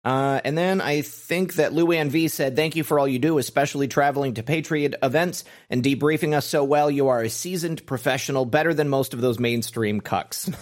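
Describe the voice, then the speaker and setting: A man's voice: mid-range voice, moderate pace, few pauses. A man hosting a live political stream, casually reading out viewer comments with frequent fillers. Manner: rambling, reads names with fillers.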